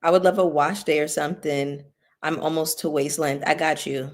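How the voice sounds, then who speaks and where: A woman's voice: low-pitched, steady tone, moderate pace. A woman hosting a casual livestream, chatting with viewers and thanking them by name, with features. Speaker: YouTube commentary host.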